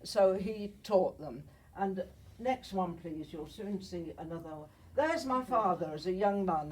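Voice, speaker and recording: A woman's voice: fairly low pitch, darkish tone, breathy edge, recorded from a distance, poor audio. A woman in her eighties from Germany, a Holocaust survivor giving a slide talk to an audience, chatty and often checking in with her listeners, while nursing a cold. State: has a cold.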